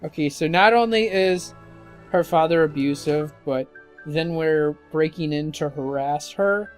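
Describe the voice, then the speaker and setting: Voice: medium pitch, unhurried, soft background music. A let's-play commentator making casual, joking and sarcastic asides over gameplay.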